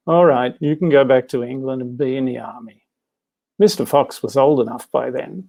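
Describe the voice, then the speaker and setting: A man reads a literary story aloud at a steady, measured pace. His voice is gravelly and a little husky, sitting in a middle register. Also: mid-range voice. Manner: measured, plain storytelling delivery. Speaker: contributor reading prose.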